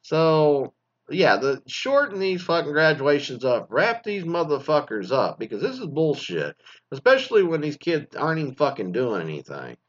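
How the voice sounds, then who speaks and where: A man's voice: fairly high pitch, big pitch swings, moderate pace, fairly bright tone. A middle-aged man from Texas, a former teacher, ranting with heavy profanity and sarcasm in a casual monologue. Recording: slightly dull lo-fi sound.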